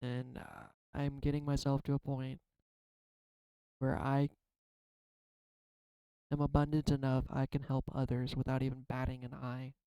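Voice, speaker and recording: A man's voice: medium pitch, completely flat delivery, measured pace, long pauses, dark tone, clean tone, dry recording, poor audio. A man in a casual spiritual vlog, pulling and reading oracle cards, talking in a reflective and rambling way, emotional and swearing now and then. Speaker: tarot card reader.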